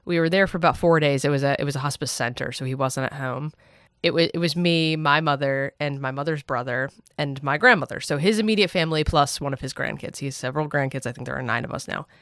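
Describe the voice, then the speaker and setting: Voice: medium pitch, quick pace, fairly bright tone, clean tone, no room sound, clean studio sound. A podcast host sharing a personal story in a candid, wry way during a casual interview chat.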